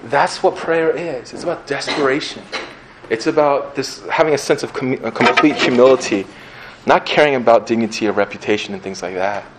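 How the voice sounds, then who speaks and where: A male pastor giving a sermon in a conversational, earnest way, with an animated delivery. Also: mid-range voice, a little fast, noisy background.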